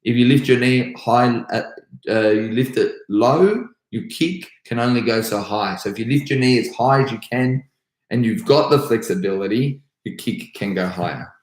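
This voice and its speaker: A man's voice: medium pitch, normal speed. Brief: Australian male karate instructor on a live Q&A, upbeat and rambling, voice echoing around a bare room. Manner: upbeat, chatty, rambling with restarts. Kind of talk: live stream Q&A, reading comments.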